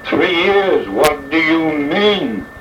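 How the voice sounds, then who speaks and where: A man's voice: on the high side, big pitch swings, extremely slow, fairly bright tone, soft background music, heavily acted. A man voicing a ruined young aristocrat who pleads in tearful, broken-hearted outbursts, in an echoey, distant, dull old recording. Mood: bewildered.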